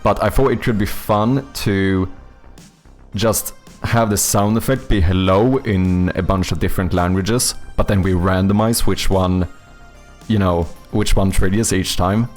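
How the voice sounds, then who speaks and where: A man's voice: low-pitched, steady tone, measured pace, a little mellow, soft background music. A young man, chatting casually with viewers while making a game on stream, rambling and joking with casual swearing.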